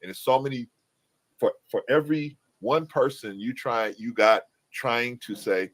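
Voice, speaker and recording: A man speaking as a panelist in a casual debate, halting and searching for his words. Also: mid-range voice, a bit bright.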